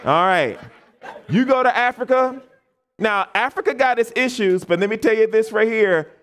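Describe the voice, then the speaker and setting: Animated American preacher with a lively pitch. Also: male voice, normal speed. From United States. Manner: animated, call-and-response questions to the congregation; acts out quoted people in changed voices. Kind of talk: camp meeting sermon.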